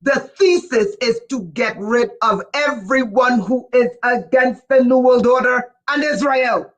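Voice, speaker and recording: A livestream host reading viewer chat, who gets excited and raises their voice, often breaking off with "whoa" and asking listeners whether they follow. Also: medium pitch, unhurried. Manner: breaks off with repeated "whoa" and "wait". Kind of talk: casual livestream talk to viewers.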